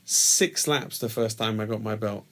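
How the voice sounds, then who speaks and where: A man's voice: lowish voice, a little slow. Teasing man, casual podcast chat. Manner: teasing, swears freely. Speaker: podcast co-host.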